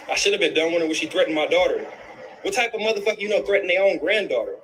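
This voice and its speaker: A man's voice: fairly high pitch, lively intonation, rapid-fire, a bit bright, a little hiss or hum, poor audio. A man in a heated, profane rant, angry and repeating himself, tossing in "bro" again and again. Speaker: guest in a livestream clip.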